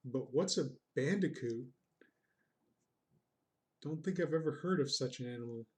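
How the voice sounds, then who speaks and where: A man's voice: mid-range voice, measured pace, a little mellow. A man streaming his drawing, chatting casually, reading out chat comments in a rambling, self-deprecating, goofy way.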